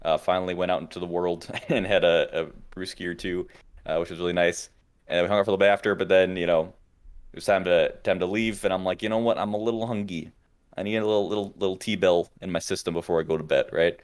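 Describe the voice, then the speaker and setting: A young man co-hosting a podcast, telling animated stories in casual chat and swearing often. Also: deep voice, quick pace, clean tone. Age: young adult. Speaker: podcast co-host.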